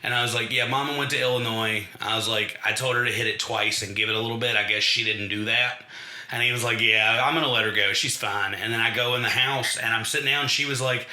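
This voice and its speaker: A man's voice: mid-range voice, quick pace. A man casually telling a funny story on a podcast, acting out the lines of people in it. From Kentucky. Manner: animated storyteller, acts out quoted dialogue. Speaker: podcast co-host. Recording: echoey room.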